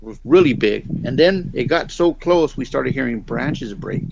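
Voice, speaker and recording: A man's voice: medium pitch, unhurried, vocal fry, crowd noise. A middle-aged man telling a long story in a casual, rambling way and acting out the other people's lines. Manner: rambling, animated, acts out the voices in his story. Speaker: guest storyteller. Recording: dull lo-fi sound.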